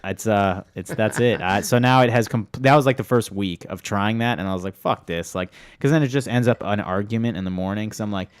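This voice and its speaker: A man's voice: on the low side, fairly quick, hardly any pauses, a little hiss or hum. A man co-hosting a podcast, chatting casually and telling loose, joking stories with swearing. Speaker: podcast co-host. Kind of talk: casual chat.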